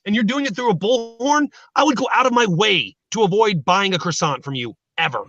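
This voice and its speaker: A man guests on a chat show and spins animated comic stories. His voice sits high and sounds bright and forceful. It comes through a dry, muffled remote line. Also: normal speed, dry recording. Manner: joking, animated storytelling. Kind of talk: comedic casual chat.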